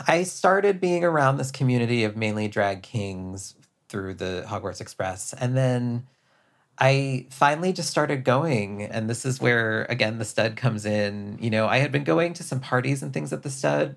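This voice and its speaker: A man's voice: medium pitch, animated, unhurried, vocal fry. A man, a drag performer, talking as an interview guest in a chatty, reflective way with self-deprecating asides. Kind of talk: casual conversational interview.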